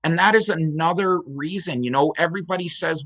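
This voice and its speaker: A man with a bright, forceful voice answers in a friendly debate. He talks hesitantly and apologetically, restarting often. The recording is dull, dry and lo-fi. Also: a little high, lively intonation, a little fast, hardly any pauses, dry recording. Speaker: debate guest.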